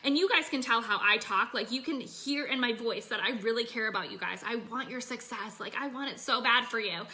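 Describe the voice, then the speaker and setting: Energetic chatty woman coaching online. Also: fairly high pitch, brisk, hardly any pauses. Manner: energetic, chatty, full of fillers and "you guys". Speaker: business coach. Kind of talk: casual coaching talk to an online group. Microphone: phone.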